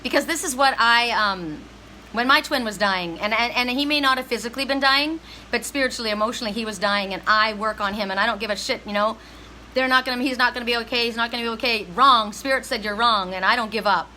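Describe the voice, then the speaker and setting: A woman's voice: on the high side, fast talker, bright, forceful tone, slight background noise, poor audio. A middle-aged woman giving a heartfelt, emphatic spiritual reading to viewers on a live stream. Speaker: psychic reader.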